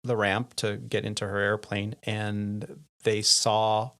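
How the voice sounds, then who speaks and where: A middle-aged man, a podcast host and pilot, telling lively anecdotes in casual chat, laughing often and acting out the lines of the people in his stories. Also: on the low side, slow pace, gravelly. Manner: animated anecdotes, laughs often, acts out quotes.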